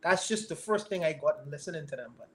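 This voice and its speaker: A man's voice: on the high side, expressive, fast, fairly bright tone, a little hiss or hum. A man from the Caribbean with a Bahamian accent, musing casually in an online group discussion and repeating his words as he starts. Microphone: online call.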